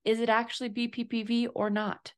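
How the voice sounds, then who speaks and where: A woman's voice: on the high side, flat delivery, fairly quick, smooth. A woman co-hosting a casual health podcast, chatty and playful about tricky words. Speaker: podcast co-host. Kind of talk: casual chat.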